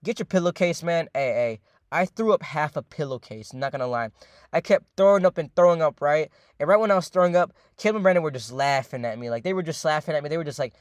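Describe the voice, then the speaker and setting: A young man delivers a quick, rambling storytime monologue, his expressive voice sitting a bit high for a man. He curses freely, repeats things and relies on fillers, regularly greeting viewers as "ladies and gentlemen." The audio is close and dry, with no echo or room around it.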